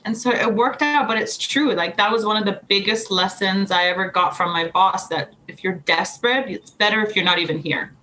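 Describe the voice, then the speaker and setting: A woman's voice: medium pitch, a little fast, hardly any pauses, a little hiss or hum, poor audio. A young adult woman guest on a podcast, telling stories in casual chat, laughing often and acting out what people said. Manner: animated storyteller, laughs often, acts out quotes. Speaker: podcast guest, anxiety coach.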